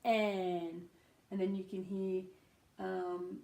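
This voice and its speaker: A woman with an Australian accent teaching English pronunciation, sounding out names slowly and deliberately. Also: medium pitch, flat delivery, vocal fry, dark tone, echoey room. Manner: slow, deliberate, drawing out sounds to demonstrate. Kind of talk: casual spoken lesson.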